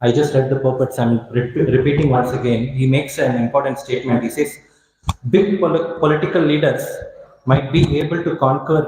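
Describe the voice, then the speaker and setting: A man giving a scripture class, telling a story in a halting way with many restarts and fillers. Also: mid-range voice, darkish tone, very echoey, low-quality recording. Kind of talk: sermon with storytelling. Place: temple hall.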